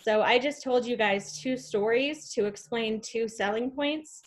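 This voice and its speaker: A woman's voice: a little high, unhurried. A woman in her thirties giving an enthusiastic, rambling motivational talk over a video call, full of fillers and restarts. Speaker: guest speaker.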